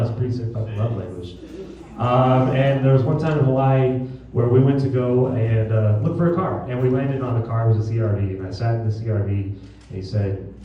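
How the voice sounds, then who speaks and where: A man's voice: mid-range voice, muffled recording. A young man doing a crude, self-mocking stand-up set on a small theatre stage, filmed from the audience on a phone. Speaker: stand-up comedian. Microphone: phone camera in the audience. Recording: echoey theatre filmed from far off. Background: audience laughter.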